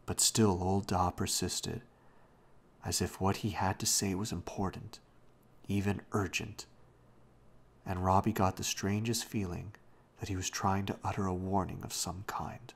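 A man slowly reading a children's novel aloud as a bedtime story at home, often hushed. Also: low-pitched, flat delivery. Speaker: reader.

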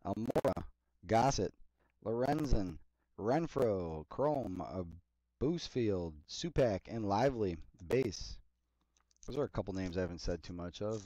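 A man hosting a card break, reading player names in a steady list between casual chatty asides. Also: on the low side, measured pace, no echo, low-quality recording. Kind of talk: casual running commentary while opening card packs.

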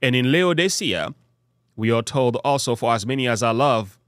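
A man preaching a Bible study sermon. He prays and reads scripture aloud, stressing key words in a measured way. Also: medium pitch, lively intonation, fairly bright tone, clean tone, dry recording, studio quality.

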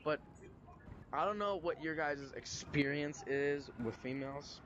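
A man's voice: a little high, measured pace, lo-fi sound, background noise. A young man streaming a poker game, chatting casually with crude, joking banter. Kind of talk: casual gaming chat.

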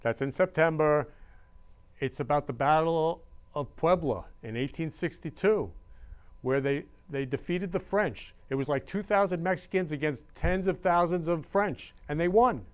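A male show host with a smooth, resonant voice and a slightly high pitch. He talks casually and emotionally, repeating himself with gushing warmth toward his viewers. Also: normal speed. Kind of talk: casual live-stream talk.

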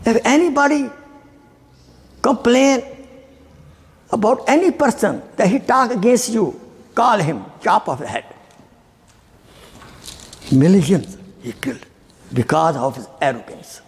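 Animated preacher in a reverberant hall. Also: male voice, high voice, measured pace, long pauses. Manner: emphatic, rhetorical questions to the audience. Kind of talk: Friday sermon. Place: mosque hall.

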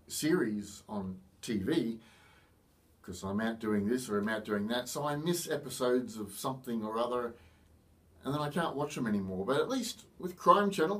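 A man's voice: medium pitch, fairly bright tone. A middle-aged Australian man talking casually to camera in a rambling, chatty way with self-mocking humour. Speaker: vlogger. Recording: voice a bit far from the mic.

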